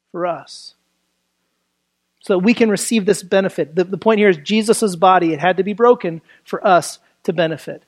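Conversational preacher explaining scripture. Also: medium pitch. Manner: conversational, asks rhetorical questions; swings between loud emphasis and quiet, dropped phrases. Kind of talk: sermon, Bible exposition.

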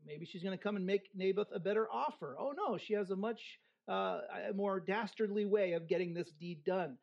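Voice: mid-range voice, normal speed, creaky, a little mellow, dull audio. A preacher giving an expository sermon, reading scripture verse by verse and breaking in with casual, humorous asides and frequent "right?" checks to the listeners.

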